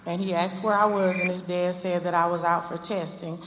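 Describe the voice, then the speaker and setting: A woman's voice: fairly low pitch, little pitch movement, a little fast. A woman, a mother, giving earnest personal testimony about her son, often repeating herself. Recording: echoey hall with heavy noise.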